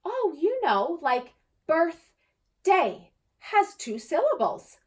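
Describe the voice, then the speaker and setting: A woman voicing a helpful young schoolgirl who explains things slowly in a storybook reading. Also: extremely high pitch, sing-song, pitched above the performer's own voice, heavily acted. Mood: explaining.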